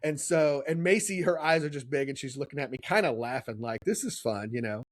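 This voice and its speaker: A man's voice: mid-range voice, fairly even intonation, a little fast. A middle-aged man, a podcast co-host, telling a story in casual chat and acting out the voices he quotes.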